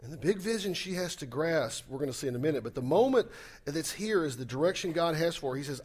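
A male pastor delivering a sermon in a somewhat high voice. He talks to the congregation like a friend, mixing scripture reading with wry, sarcastic asides. His volume swings from loud emphasis to soft, close remarks. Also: big pitch swings, fairly quick.

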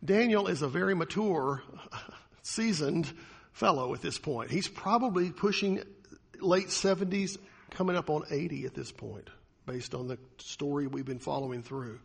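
A man's voice: fairly high pitch, moderate pace, gravelly, husky. A man preaching a sermon as pastor, talking in a conversational way and asking the congregation questions.

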